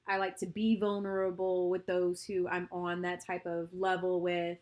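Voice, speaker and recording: A young adult woman co-hosting a podcast, talking in a relaxed, reflective way and backing her co-host with frequent mm-hmms. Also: on the low side, moderate pace. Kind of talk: casual chat.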